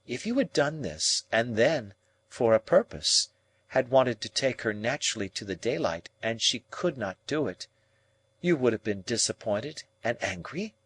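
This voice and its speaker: A man reading an audiobook, voicing a proud, composed young woman who speaks in a calm, measured way. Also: mid-range voice, slightly rough, dry recording. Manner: calm, measured, coldly reasoning.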